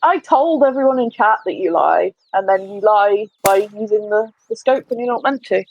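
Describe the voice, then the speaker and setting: A woman's voice: medium pitch, expressive, normal speed, gravelly, highs cut off. A young woman chatting on a gaming livestream in a teasing, playful way, laughing often. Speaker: gaming streamer. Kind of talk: casual chat while livestreaming a game.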